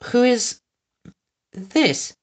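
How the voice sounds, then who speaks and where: Snooty rich mother, clenched-teeth drawl, very high and swooping; male reader voices her. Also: big pitch swings, extremely slow, full character voice. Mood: startled. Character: snooty high-society mother, tall and fussy.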